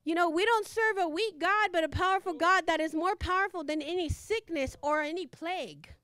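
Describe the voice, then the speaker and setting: Very high-voiced woman preaching fervently. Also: brisk, fairly bright tone, dry recording. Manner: fervent, repetitive, laughs between phrases. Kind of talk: sermon.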